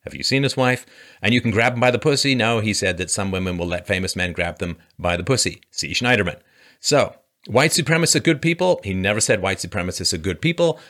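A man with a somewhat low voice delivers political commentary in a sarcastic, mocking tone. He talks dryly, often with a sigh or a scoff. His remarks come across as flat and knowing. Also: fast talker.

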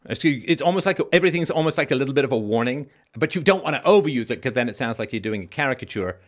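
This male host speaks in a mid-range voice that is expressive and trained. He responds to viewer comments during a live-stream Q&A, chatting casually and often stopping to start over.

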